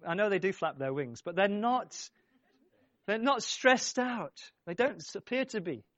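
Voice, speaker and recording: A man's voice: high voice, very animated, brisk, no room sound, highs cut off. A man preaching a sermon, speaking emphatically, repeating his phrases and urging the congregation on. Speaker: pastor.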